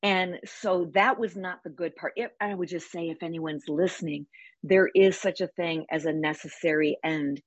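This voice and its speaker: A woman guest on a podcast interview, talking in an energetic, emphatic, plainspoken way with vivid sayings. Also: fairly low pitch, moderate pace, no room sound, highs cut off. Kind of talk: conversational interview.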